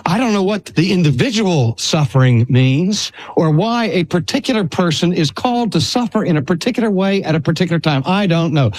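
An older man preaching a sermon in a slow, earnest way with drawn-out emphasis. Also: a little high, darkish tone. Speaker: pastor.

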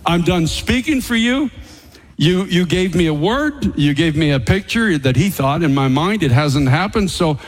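A man's voice: on the high side, animated, moderate pace, in a large hall, low-quality recording. A man voicing a disillusioned male prophet who wants to quit. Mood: fed up. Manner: exasperated.

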